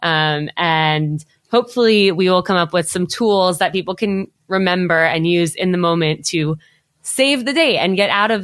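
A woman's voice: fairly low pitch, fairly bright tone, no room sound, studio quality. A woman hosting a podcast, chatty and upbeat, with lots of filler "like". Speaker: podcast host. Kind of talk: casual podcast chat.

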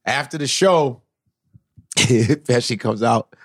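A male comedian in casual podcast banter, telling stories in a profane, animated way. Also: medium pitch, takes it slowly, husky. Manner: profane, animated storytelling with frequent laughter.

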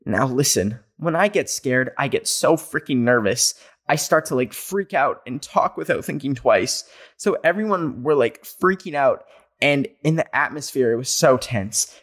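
A man's voice: mid-range voice, animated, normal speed, fairly bright tone. A young man hosting a podcast from home, reading listener stories in a rambling, joking chat full of "like" fillers. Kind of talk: casual chat. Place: home, near a garage.

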